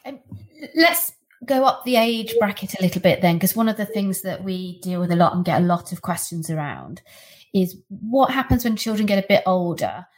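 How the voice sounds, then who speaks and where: A woman's voice: medium pitch, lively intonation, normal speed. A woman hosting a podcast interview, asking questions thoughtfully with small hesitations. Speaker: podcast host.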